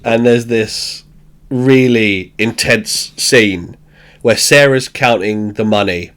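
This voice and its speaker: A man hosting a podcast, recapping a sitcom in animated storytelling, swearing freely, laughing often and acting out the characters. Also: lowish voice, slow. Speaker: podcast host. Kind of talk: casual chat recapping a show.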